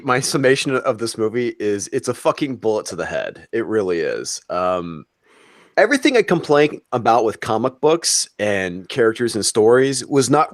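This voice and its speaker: A man on a podcast roundtable, telling an excited story with lots of fillers and restarts. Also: mid-range voice, dry recording. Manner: excited, animated storytelling with frequent fillers and swearing. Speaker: roundtable guest. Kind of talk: casual podcast chat.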